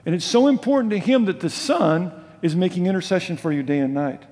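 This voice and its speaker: An older man preaching a sermon in a conversational way, asking his listeners questions and dropping from loud emphasis to soft, low asides. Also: brisk, long reverb tail. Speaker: pastor.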